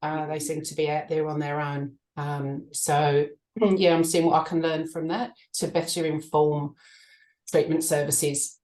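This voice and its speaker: A woman's voice: deep voice, little pitch movement, unhurried, darkish tone, echoey room, rough recording. A woman, a doctoral researcher, talking hesitantly with many fillers over a video call. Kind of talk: casual webinar discussion.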